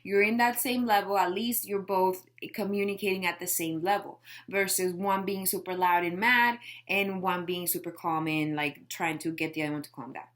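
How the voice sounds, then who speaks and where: A woman's voice: fairly low pitch, fairly even intonation, normal speed, hardly any pauses, a bit bright. A woman life coach giving a casual motivational talk to camera, emphatic and full of rhetorical questions. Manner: emphatic, peppers speech with rhetorical questions and "right?".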